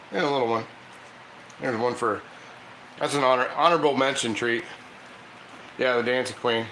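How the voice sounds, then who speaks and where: A man's voice: medium pitch, fairly even intonation, fairly quick, long pauses, fairly bright tone, echoey room, a little hiss or hum, low-quality recording. A man hosting a casual cooking stream, chatty and laughing often as he coaxes his dog through tricks. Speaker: cooking channel host. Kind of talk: casual live cooking chat.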